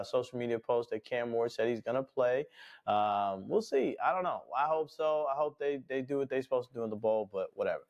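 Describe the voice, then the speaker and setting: Blunt, profane sports podcast host. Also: male voice, medium pitch, darkish tone. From New York. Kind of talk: casual sports rant.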